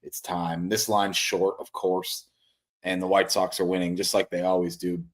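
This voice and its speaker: Man, low voice, podcast co-host, sarcastic, swearing, casual betting talk over video call. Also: little pitch movement, normal speed. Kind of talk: casual sports betting chat.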